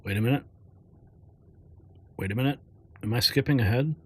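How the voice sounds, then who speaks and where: A man's voice: medium pitch, normal speed, a little mellow, husky. A man hosting a political news show, talking casually and joking between segments. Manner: joking, chatty asides.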